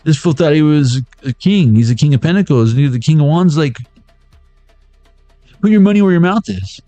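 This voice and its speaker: A man's voice: a little high, animated, normal speed, mellow, no echo, faint music behind. Joking, rambling man reading tarot. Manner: joking, rambling, swears freely. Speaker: tarot reader. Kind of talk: casual livestream tarot reading.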